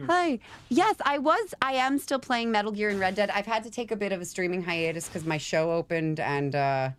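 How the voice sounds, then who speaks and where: A young woman, an actress and streamer, talking casually on a live stream. Her voice sits a little low, and her manner is chatty, giggly and self-deprecating. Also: brisk, slight background noise.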